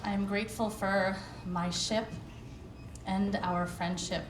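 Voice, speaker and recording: A woman's voice: mid-range voice, fairly even intonation, a little slow. A woman, a cabaret singer, giving an emotional acceptance speech on stage at an award show and thanking a long list of people. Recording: echoey hall with background noise.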